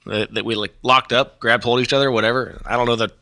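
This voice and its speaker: A man's voice: medium pitch, steady tone, fast, pushed and bright, no echo, clean studio sound. A man guest on a podcast, telling a story casually with many fillers and chuckles.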